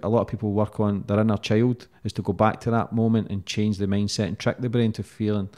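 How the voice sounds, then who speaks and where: Fast-talking man with a low, mellow voice. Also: flat delivery. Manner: frank, supportive, swears casually. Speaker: podcast host. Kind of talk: podcast interview.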